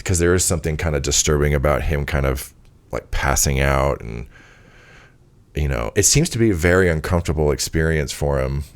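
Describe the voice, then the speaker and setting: Guy with a really deep voice chatting on a podcast, lots of ums and laughs. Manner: rambling, with frequent fillers and laughs. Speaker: podcast host. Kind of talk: casual chat.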